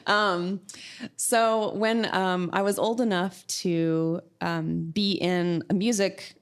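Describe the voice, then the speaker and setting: A middle-aged woman from Oklahoma, a music professor and podcast guest, telling stories in a relaxed, reflective way, with many fillers and frequent laughs. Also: on the low side, slow pace, clean tone. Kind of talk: casual interview storytelling.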